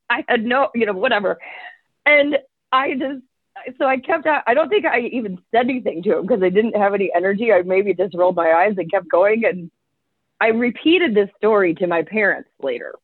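A woman's voice: mid-range voice, moderate pace, husky, no room sound. A woman being interviewed as a coach, telling stories and acting out what people said. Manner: animated, acts out quotes. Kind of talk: casual storytelling. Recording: tinny phone-like line, dry.

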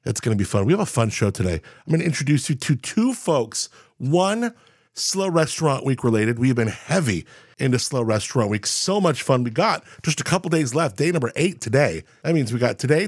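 A man's voice: medium pitch, very animated, brisk, dry recording, clean studio sound. A man hosting a casual radio show, joking with himself in playful asides. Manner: playful, self-mocking, jokey asides. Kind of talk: casual morning radio chat.

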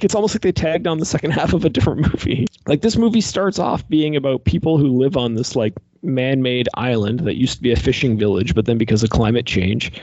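Husky man ranting about a movie. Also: medium pitch, no echo, highs cut off. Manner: animated, exasperated ranting, heavy use of "like". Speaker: podcast co-host reviewing a movie. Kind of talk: casual chat.

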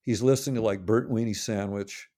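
During a casual interview, an older man tells meandering stories, fixing his own words as he goes and quoting other people's voices. His low-side voice is steady, fairly quick and dark in tone.

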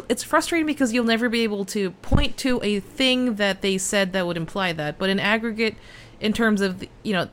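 Woman, mid pitch, wry, thinking aloud, casual swearing. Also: a bit bright, clear, resonant tone. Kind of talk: casual political chat.

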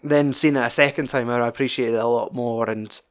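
A man's voice: medium pitch, fairly even intonation, fairly quick. A young man with a Scottish accent chatting casually about a film, rambling and swearing freely.

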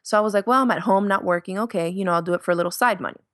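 Chatty woman telling lively stories. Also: mid-range voice, very fast, dry recording, clean studio sound. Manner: chatty storyteller, acts out quotes with laughs. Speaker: podcast guest, sewing YouTuber. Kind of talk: casual interview chat.

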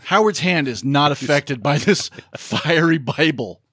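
A man adds wry, joking asides as he and a friend recap a film. His voice sits a little high for a man. The recording is dry and close. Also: lively intonation, unhurried, fairly bright tone, slightly rough, no room sound. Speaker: podcast co-host. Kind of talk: casual movie recap chat.

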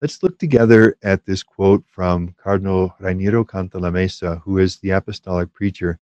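A man, a priest, giving a spoken retreat conference in an unhurried, gentle way, with many fillers and restarts. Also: deep voice, dry recording, lo-fi sound.

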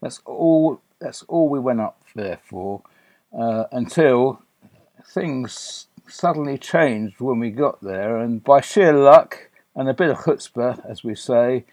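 A man's voice: medium pitch, animated, slow pace, darkish tone, dry recording. An older man from England recounting a story in a chatty, anecdotal way, with fillers and restarts. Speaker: guest. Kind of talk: conversational storytelling.

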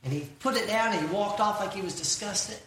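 Speaking at a quick pace with a mid-range, fairly bright voice, a middle-aged woman gives a comedic church talk, landing folksy punchlines and quizzing the crowd. A distant mic catches her in a very echoey large church hall, along with room noise.

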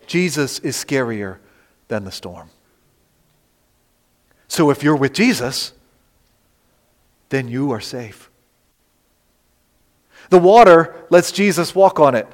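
A man preaching a sermon as pastor, moving between loud emphasis and soft, near-whispered lines. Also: on the high side, animated, takes it slowly, pauses often. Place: church sanctuary. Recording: long reverb of a church hall.

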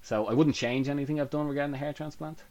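A man in his twenties, appearing as a podcast guest, chats casually and tells lively stories, acting out the quotes in them. His voice is fairly high and fast, captured with lo-fi sound.

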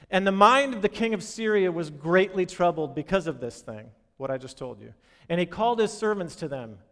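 A man in his thirties delivers a sermon in a relaxed, storytelling way. His voice sits a little on the high side, and he drops it low to act out quoted lines. The sound carries the long reverb of a large hall. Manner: conversational and storytelling, acting out quotes with a dropped voice. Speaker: pastor.

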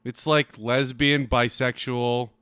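A man's voice: medium pitch, level tone, slow pace, a bit bright, smooth. A young man, a comedian, co-hosting a casual podcast, laughing often and acting out lines in mock voices. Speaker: podcast co-host.

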